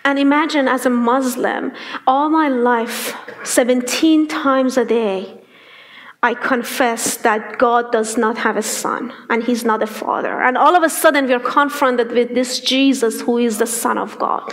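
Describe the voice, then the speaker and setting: A woman sharing a personal faith testimony, telling it lively, acting out what people said and laughing often. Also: on the high side, measured pace. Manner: animated storyteller who acts out quoted dialogue and laughs often.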